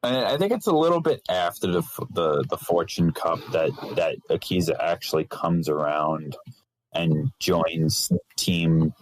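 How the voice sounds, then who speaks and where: A young man guesting on a casual podcast, talking in a relaxed way with many restarts and fillers. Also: low-pitched, unhurried, low-quality recording. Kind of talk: casual chat.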